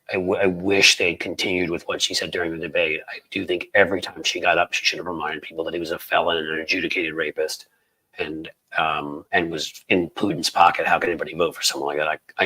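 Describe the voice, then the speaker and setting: A low, fairly bright male voice comes through a rough recording as this American host reads viewer chats. His political livestream commentary is casual, rambling, angry and sarcastic, riddled with fillers and restarts.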